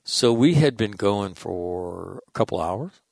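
A middle-aged man with a lowish voice tells stories in a loose, rambling monologue, restarting his sentences and swearing casually. The sound is close and dry, with no room echo. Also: expressive, slow, gravelly, darkish tone.

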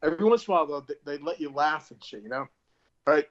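A man's voice: a little high, lively intonation, fast talker. A man in a casual chat, reminiscing bluntly and cursing. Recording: dull lo-fi line.

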